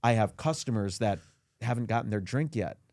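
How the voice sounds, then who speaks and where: A man as a podcast guest in a comedic rant, indignant and self-pitying, his voice climbing high as he complains. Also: animated, moderate pace, a little mellow, no room sound, clean studio sound. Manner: indignant, whiny self-pity, voice climbs high when ranting. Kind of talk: comedic mock interview rant.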